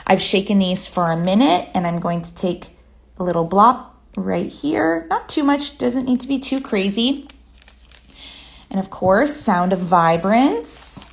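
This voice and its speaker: A woman giving a relaxed, chatty step-by-step nail art tutorial. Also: mid-range voice, gravelly. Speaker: nail artist.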